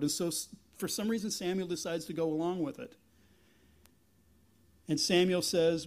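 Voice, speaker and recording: A man preaching a sermon as pastor, retelling a Bible story in an animated way and often restarting his sentences. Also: fairly high pitch, moderate pace, long pauses. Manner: animated storytelling, acting out biblical figures, frequent restarts.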